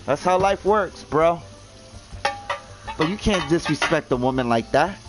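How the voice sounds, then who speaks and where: A man's voice: fairly high pitch, expressive, a little slow, over music, poor audio. A man ranting indignantly in casual commentary, swearing and repeating himself as he stumbles over words. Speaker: gaming vlogger.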